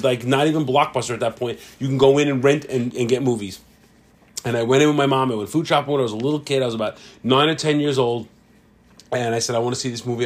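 A middle-aged man, co-hosting a casual podcast and telling rambling, profane stories. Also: medium pitch. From Staten Island, New York. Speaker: podcast co-host. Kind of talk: casual chat. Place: home podcast setup, drinking.

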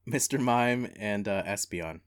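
A man's voice: lowish voice, a little slow, clean tone. A man co-hosting a podcast, reading aloud and commenting in a wry, amused way. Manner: wry, amused, laughs between lines. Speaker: podcast co-host. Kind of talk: casual chat and reading aloud.

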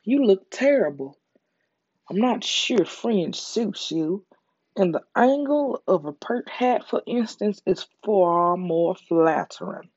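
A reader with a Southern US accent voicing a condescending, worldly young film starlet in a soft ASMR story reading, with airy, drawn-out phrasing. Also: medium pitch, expressive, husky, no echo. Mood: patronizing. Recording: dull lo-fi recording.

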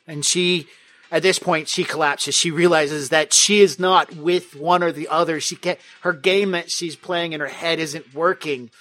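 A man's voice: fairly high pitch, a bit bright. A man narrating a tabletop game as game master, telling the story vividly and playfully.

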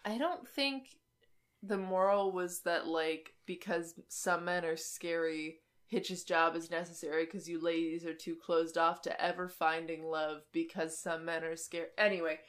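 A woman co-hosting a casual podcast, giving a sarcastic, swearing, animated recap of a movie plot. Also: on the low side, measured pace. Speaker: podcast co-host.

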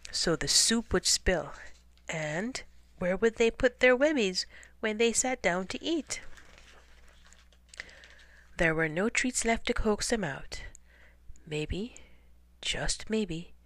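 Woman reading a picture book, slow and dry. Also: medium pitch, no room sound. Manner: expressive, with dramatic whispers. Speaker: storyteller.

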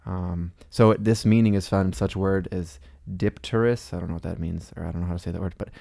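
A young man co-hosting a podcast in a loose, rambling way, padding his points with ums and false starts. His voice sits a bit low, recorded close and dry with no room sound. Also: steady tone, fast, vocal fry, warm tone, no room sound. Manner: rambling, lots of fillers and restarts, laughs often. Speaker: podcast co-host. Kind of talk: casual chat.

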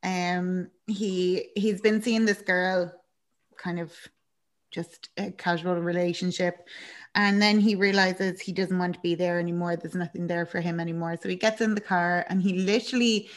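A young Irish woman co-hosts a podcast, recapping a film in a casual, chatty, animated way with plenty of laughter and acted-out character lines. Her voice is on the low side and her pace is moderate.

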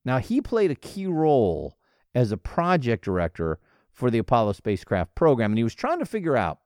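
A man's voice: mid-range voice, fairly quick, no echo, studio quality. A man hosting a podcast solo, talking in a playful, joking, motivational way. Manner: playful, jokey, animated. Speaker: podcast host. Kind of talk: casual solo podcast monologue.

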